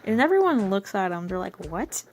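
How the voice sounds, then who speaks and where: A woman's voice: medium pitch, moderate pace, a little hiss or hum. A young woman rambling through her old comic with self-mocking casual commentary.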